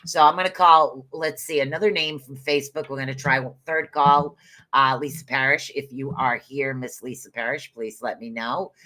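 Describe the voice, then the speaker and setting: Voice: medium pitch, bright, forceful tone. A host doing rune readings on a live stream, chatting loosely, rambling, and calling out viewers by name.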